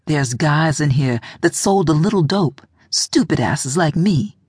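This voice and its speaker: A woman's voice: sits low, expressive, measured pace, darkish tone, breathy edge, no echo, studio quality, heavily acted. A woman doing a despairing young man calling from jail. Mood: dejected.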